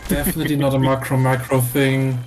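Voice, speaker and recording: A man chats casually alongside a streamer and explains things as he goes. His voice is mid-pitched. Clear music plays behind him throughout. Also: flat delivery, a little fast. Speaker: co-commentator on a game stream. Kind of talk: casual chat.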